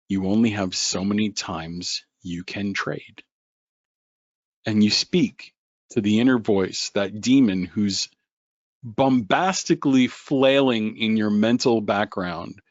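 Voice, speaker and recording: A man hosting a live trading webinar, joking and animated as he talks to viewers by name. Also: fairly low pitch, unhurried, dry recording. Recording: dull lo-fi webinar audio.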